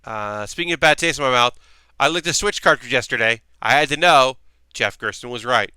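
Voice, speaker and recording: A man's voice: medium pitch, fairly quick, bright, forceful tone, clear, resonant tone, dry recording. A man hosting a livestream, chatting loosely and profanely and answering comments from chat as he talks. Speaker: livestream host.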